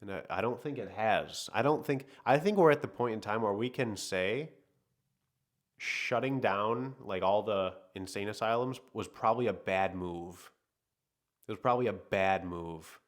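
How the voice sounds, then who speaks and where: A man with a deep, low voice hosts a casual livestream. He reads viewer comments aloud, then muses on them in a loose, rambling way and often second-guesses himself. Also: moderate pace. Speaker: podcast host reading live chat.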